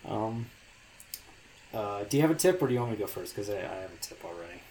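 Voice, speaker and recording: A man's voice: fairly low pitch, animated, fast, darkish tone. A young man co-hosting a casual podcast, talking in a loose, hesitant way with lots of fillers and restarts. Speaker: podcast co-host.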